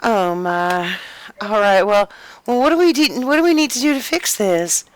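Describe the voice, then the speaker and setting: A woman's voice: mid-range voice, lively intonation, normal speed, no room sound, poor audio. A woman improvising a flustered, gushing role as a prank on a phone scammer, fussy and soothing by turns. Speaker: scambaiter playing a flustered caller.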